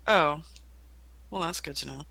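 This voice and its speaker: A person playing a tabletop game, making dry, unhurried remarks. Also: medium pitch, gravelly, pushed and bright. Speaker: player. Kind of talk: casual tabletop play.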